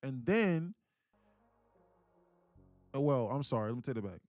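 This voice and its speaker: A man chatting casually as host of a live trading stream, with a mid-pitched voice. He tells stories with energy and slips into the voices of the people he quotes. The sound is dry and close, with faint music underneath. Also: a little slow, no echo. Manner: animated storyteller who acts out quoted voices. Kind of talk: casual livestream chat.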